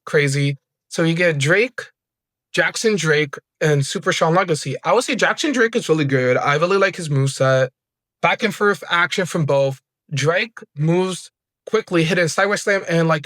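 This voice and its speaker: Hyped guy doing a wrestling recap, slangy, kinda high voice, super dry close sound. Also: moderate pace, no echo. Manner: excitable, slangy, mimics wrestlers' lines. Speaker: wrestling review host. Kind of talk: casual recap commentary.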